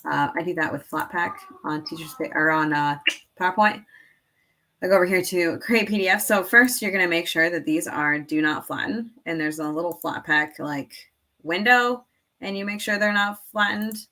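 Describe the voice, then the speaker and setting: A woman's voice: lowish voice, moderate pace, sharp tone. A woman who teaches and sells online, giving a casual screen-share tutorial in a rambling way full of fillers, laughing at herself now and then.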